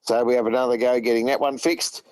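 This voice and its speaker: Fast and flat, with a medium pitch and darkish tone, an Australian truck driver tells long rambling stories as a regular guest on a casual phone-in, recounting what others said. There's no echo, and the recording is low quality.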